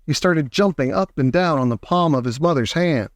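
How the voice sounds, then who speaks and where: Guy reading a kids' book out loud, slightly high voice, dry close mic. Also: lively intonation, normal speed, no room sound. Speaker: audiobook reader. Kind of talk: storybook narration.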